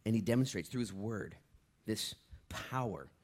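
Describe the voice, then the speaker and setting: A middle-aged pastor preaching a sermon, swinging from loud bursts to quiet, hushed asides. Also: male voice, lowish voice, moderate pace.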